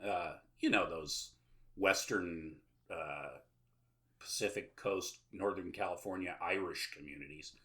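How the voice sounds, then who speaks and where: A man chats through a film plot as a podcast host, rambling and sarcastic, with plenty of filler sounds. His voice sits on the lower side, yet it has a bright, forceful edge. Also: unhurried. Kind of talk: casual plot recap with jokes.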